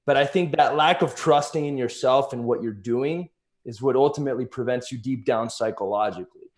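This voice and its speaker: A man's voice: medium pitch, fairly quick. A man in casual business conversation, explaining his points earnestly with examples.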